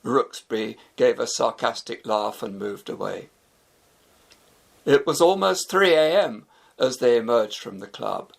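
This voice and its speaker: A British man reading a story for learners, slow and deliberate with a gravelly texture. His pitch moves in lively swings. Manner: slow, clear, expressive. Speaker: narrator.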